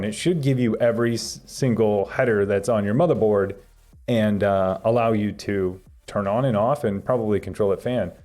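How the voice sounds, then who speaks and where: A young adult man hosts a live stream, reading chat questions aloud and rambling through his answers with plenty of fillers and restarts. His voice is medium in pitch and mellow.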